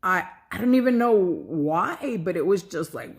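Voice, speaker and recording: A middle-aged woman with a slightly low voice tells a personal story. She is animated and loose, drops the odd swear word and fills her talk with "like" and "you know". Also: normal speed. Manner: animated, swears freely, many fillers. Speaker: spiritual vlogger.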